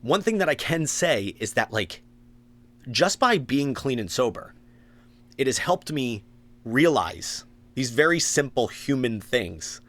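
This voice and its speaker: A man's voice: medium pitch, very animated, measured pace, fairly bright tone. Male podcast co-host, mid-range voice, earnest and candid, drops into self-quotes. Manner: earnest, swears, acts out his own thoughts. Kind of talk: casual recovery talk.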